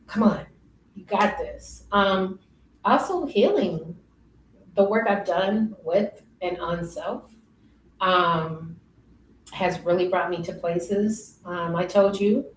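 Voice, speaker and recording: A young woman telling stories in a casual interview, lively and often laughing. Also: on the low side. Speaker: interview guest. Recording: roomy, distant, faint noise.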